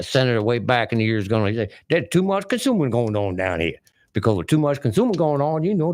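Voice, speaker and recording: A man's voice: medium pitch, dry recording. Blunt, rambling talk radio man. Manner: rambling, folksy, blunt and opinionated. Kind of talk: political talk radio monologue. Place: small radio studio. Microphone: studio microphone.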